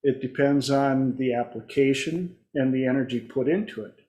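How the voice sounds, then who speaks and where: A man's voice: mid-range voice, moderate pace, warm tone, roomy sound. A man hosting a coaching talk. He rambles and digresses, with many fillers. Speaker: life coach host.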